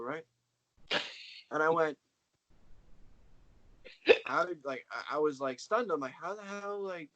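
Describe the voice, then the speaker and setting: A man's voice: fairly high pitch, fairly bright tone, poor audio. A young man, a wrestler, talking casually on a video call as an interview guest, slangy and boastful as he tells his story.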